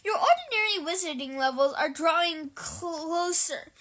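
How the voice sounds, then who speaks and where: A woman's voice: extremely high pitch, lively intonation, unhurried, fairly bright tone, heavily acted. A woman reading aloud from a storybook and voicing a strict older female professor with a stern, precise delivery.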